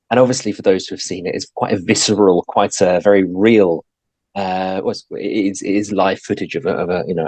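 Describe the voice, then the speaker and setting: A man's voice: low voice, darkish tone, no room sound, low-quality recording. A man, a podcast guest telling his story in casual talk, hesitant with many fillers and restarts. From England.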